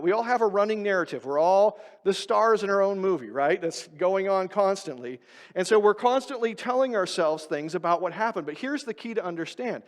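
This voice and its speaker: Man, pastor, conversational sermon, asks the congregation questions, high-pitched, echoey church hall. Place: church sanctuary.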